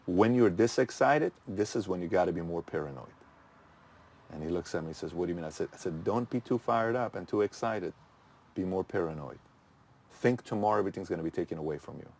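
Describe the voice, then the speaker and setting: A man's voice: sits low, a little mellow. A middle-aged man hosting his channel, giving a punchy motivational talk full of rhetorical questions that he answers himself. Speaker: channel host.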